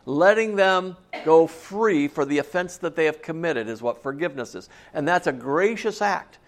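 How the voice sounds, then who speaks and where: A man's voice: a little high, expressive, moderate pace. A man preaching a sermon in a conversational way, often asking his listeners questions. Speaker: pastor.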